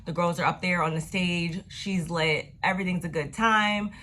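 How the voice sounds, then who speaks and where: A woman recapping a TV episode in a casual, slangy, profane way, with animated retellings. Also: lowish voice, normal speed, slight background noise. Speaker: TV recap vlogger.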